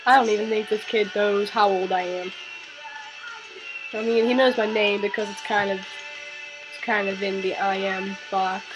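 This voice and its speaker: A woman's voice: mid-range voice, fairly even intonation, measured pace, pauses often, music in the background, rough recording. A teenage girl vlogging, telling a story with exasperated sarcasm. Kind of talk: casual ranting vlog.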